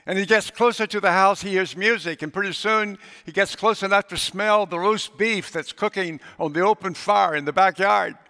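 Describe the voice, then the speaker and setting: A man's voice: high-pitched, normal speed, hardly any pauses, bright, forceful tone, smooth. A man preaching a sermon as pastor, telling a story and acting out its characters. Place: church sanctuary. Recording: long reverb of a large hall.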